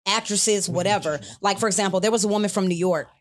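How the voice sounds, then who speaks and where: A woman's voice: mid-range voice, fast talker. A young adult woman co-hosting a podcast, explaining her view bluntly and building it up with examples. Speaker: podcast co-host. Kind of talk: casual podcast chat.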